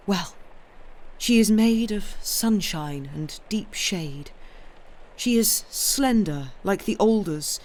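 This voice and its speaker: Woman doing a gentle earnest young shepherd poet, tender and sincere, storybook reading. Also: lowish voice, lightly acted.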